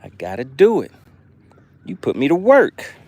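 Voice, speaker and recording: A man's voice: a little high, wildly swooping pitch, measured pace, a little mellow, no echo. A man hosting a fishing live stream from a boat outdoors, chatting and thanking his viewers.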